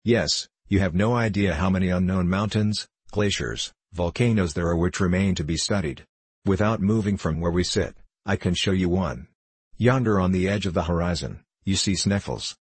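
A man's voice: deep voice, normal speed, breathy edge, no room sound. A man reading the part of a kindly, earnest male scholar who plays a polite and formal host, in a storybook reading. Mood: courteous. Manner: courteous, formal.

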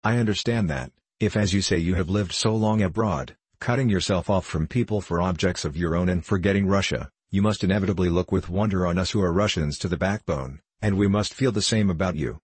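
A genteel older gentleman frets and startles easily, played by a man narrating the book. His voice sits low and husky, recorded close and dry. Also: fairly quick, few pauses, no echo. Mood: earnest.

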